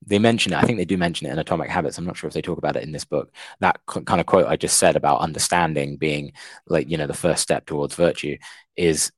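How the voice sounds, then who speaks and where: A man's voice: extremely low pitch, fairly even intonation, fast, dry recording. A man co-hosting a book-discussion podcast, thoughtful and a little hesitant. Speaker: podcast co-host, English teacher. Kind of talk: casual book-discussion chat.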